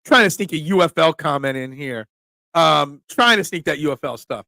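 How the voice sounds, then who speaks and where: A man with a high, bright voice talks football on a live stream, answering viewer comments in an animated, emphatic way. The sound is close and dry, with no room echo. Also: moderate pace, creaky. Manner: animated, emphatic, reads chat aloud. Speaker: sports talk host reading viewer comments. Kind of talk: casual live-stream chat.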